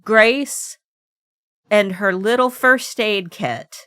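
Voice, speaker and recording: A woman's voice: mid-range voice, extremely slow, fairly bright tone, clear, resonant tone, dry recording, clean studio sound. A woman co-hosting a podcast in casual, giggly chat with frequent restarts. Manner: giggly, chatty, with many restarts. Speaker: podcast co-host.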